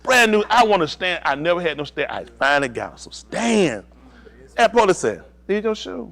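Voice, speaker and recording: A man telling a personal story in a casual, animated way, laughing often and acting out what others said. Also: fairly high pitch, moderate pace.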